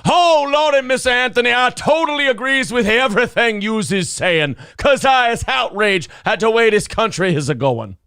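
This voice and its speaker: A man putting on an exaggerated, fawning southern drawl, speaking slowly in broken grammar. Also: extremely high pitch, lively intonation, bright, forceful tone, clear, resonant tone, no echo, clean studio sound, voice pushed up, exaggerated voice. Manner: slow, overdone drawl with ungrammatical speech.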